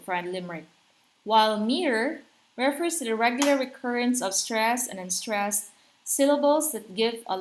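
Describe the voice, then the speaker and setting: Slow-talking woman teaching literature. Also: mid-range voice, slight background noise. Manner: explanatory, asks rhetorical questions. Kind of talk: literature lecture.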